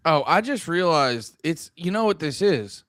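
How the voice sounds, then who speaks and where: A man's voice: a little high, sing-song, a little slow, a bit bright, a little hiss or hum. A young man co-hosting a comedy podcast, riffing crudely and mocking in casual chat. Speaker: podcast co-host.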